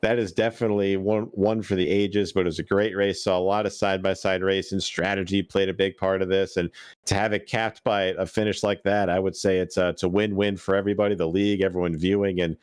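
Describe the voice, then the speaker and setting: A man commentating a sim racing broadcast, chatty and quick to laugh. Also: deep voice, flat delivery, clear, resonant tone, dry recording, studio quality. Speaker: color commentator.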